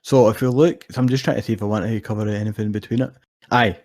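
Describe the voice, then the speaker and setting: A young Scottish man talks through fight stats in a relaxed, sweary way. His voice is warm and mellow, and he slips into lively retellings of what other people said. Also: on the low side, fast talker. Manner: swears freely, animated storytelling. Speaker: co-host. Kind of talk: casual sports chat.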